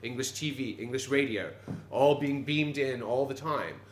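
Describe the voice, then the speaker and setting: A man's voice: medium pitch, moderate pace, slight background noise. A Quebecois-Canadian man, a pub landlord, talking animatedly in an interview, rambling with fillers and restarts. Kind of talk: conversational interview. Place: bar of an old pub. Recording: roomy pub with background ambience.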